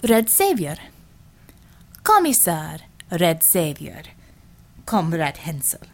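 A woman's voice: fairly low pitch, wildly swooping pitch, slow pace, pitched below the performer's own voice, exaggerated voice. Woman voicing a stern Russian commissar. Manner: clipped, drops articles, formal. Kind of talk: audiobook character voice.

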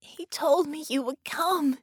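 A woman doing a frantic, high little girl. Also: takes it slowly, dry recording, studio quality. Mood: urgent. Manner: high, breathless and pleading. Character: frightened, urgent little girl who sees a ghost.

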